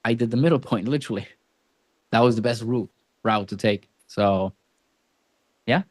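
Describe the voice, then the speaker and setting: A man coaching a sales team, speaking bluntly and emphatically in casual, animated bursts. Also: medium pitch, normal speed, no room sound. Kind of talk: coaching a role-play session.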